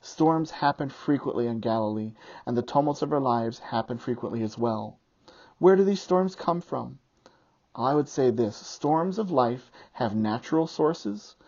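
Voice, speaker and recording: A pastor preaching a sermon and reading scripture aloud in a measured cadence. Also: medium pitch, lively intonation, darkish tone, muffled recording.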